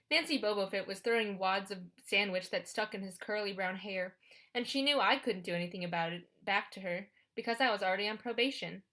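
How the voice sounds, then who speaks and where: A woman's voice: mid-range voice, fairly bright tone. A woman narrating an audiobook in the first person, in a wry, conversational storytelling manner.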